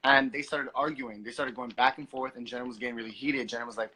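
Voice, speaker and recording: A man appearing as a guest on a phone livestream, telling a story in an animated way and acting out what people said. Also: medium pitch, fast talker, few pauses, breathy edge, rough recording. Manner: animated storytelling, acts out quotes.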